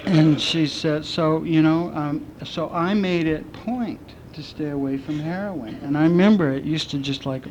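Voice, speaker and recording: Candid man telling dark recovery stories. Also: fairly high pitch, moderate pace, hardly any pauses, a crowd in the background, noisy background. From southwestern United States. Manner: candid, self-mocking storytelling with dark humor. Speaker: speaker at a recovery meeting. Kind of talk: personal recovery talk.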